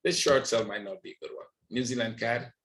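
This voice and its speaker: The host of this trading webinar is a man with a brisk, mid-range, somewhat bright voice. Sharing his screen live, he analyzes market charts and checks in with listeners, saying "right?" again and again.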